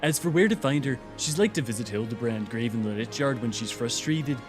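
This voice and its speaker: A man voicing a homely, chatty townsfolk character in a fan reading of game dialogue, slow and quiet. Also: mid-range voice, animated, music in the background, lightly acted. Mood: fond.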